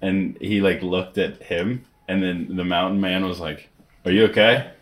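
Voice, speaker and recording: A man's voice: low voice, steady tone, unhurried. Swearing young man telling a story. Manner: swears a lot, laughs through story. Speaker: podcast co-host. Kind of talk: casual chat, storytelling.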